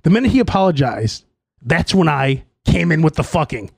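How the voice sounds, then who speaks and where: Animated high-voiced man telling stories. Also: normal speed, gravelly, husky, dry recording. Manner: animated, profane, playfully indignant storyteller. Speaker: podcast host. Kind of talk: solo comedic storytelling podcast.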